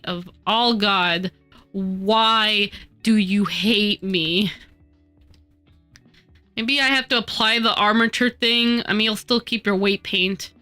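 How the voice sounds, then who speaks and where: A woman streaming while she models in 3D, scolding her software in exasperated outbursts, her nose stuffy from a cold. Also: fairly high pitch. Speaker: VTuber streamer. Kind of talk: casual live-stream chatter while 3D modeling.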